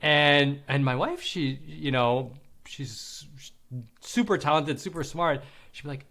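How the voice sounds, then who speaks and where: A man's voice: a little high, slow pace, creaky, bright, forceful tone. A man in his forties, a podcast guest, telling a candid personal story in casual conversation, swearing now and then and acting out the people he quotes.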